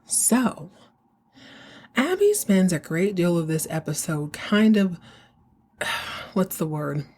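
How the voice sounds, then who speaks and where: Animated, slangy woman podcast host. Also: lowish voice, takes it slowly. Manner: animated, slangy, acts out the characters' lines. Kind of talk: casual recap of a TV series.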